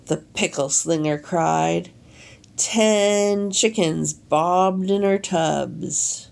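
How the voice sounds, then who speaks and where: A woman reading a children's storybook aloud, animated and deliberate. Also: fairly low pitch, creaky. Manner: animated, slow and deliberate, leaning into sound effects. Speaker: storybook reader. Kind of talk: expressive read-aloud storytelling.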